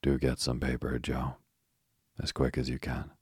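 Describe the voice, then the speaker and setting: A man voicing a caring older girl, the eldest sister, gently worried and coaxing. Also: extremely low pitch, monotone, unhurried, husky, no echo, clean studio sound, exaggerated voice.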